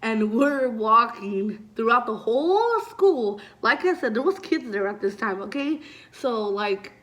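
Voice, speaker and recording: A woman's voice: a little high, measured pace. A young adult woman vlogger telling a casual story, chatty and full of fillers, swearing freely. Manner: chatty, heavy use of "like" and swearing; animated retelling, voices loud when acting out scenes.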